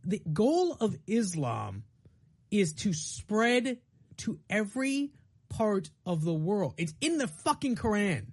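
Female co-host, husky and lively, pushes her point hard in a heated chat. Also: medium pitch, slow pace. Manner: emphatic, stumbling restarts. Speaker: podcast co-host. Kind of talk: heated casual debate.

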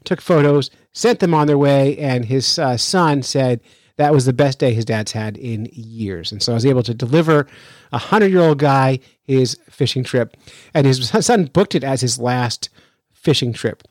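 A man hosting a podcast, telling a story in a lively, chatty way with frequent restarts, then commenting on the news. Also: medium pitch, moderate pace, no echo. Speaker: fishing podcast host.

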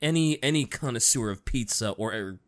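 A man co-hosting a podcast, throwing in quick jokes. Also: mid-range voice, animated. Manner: joking, quick quips. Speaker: podcast co-host. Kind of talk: casual chat.

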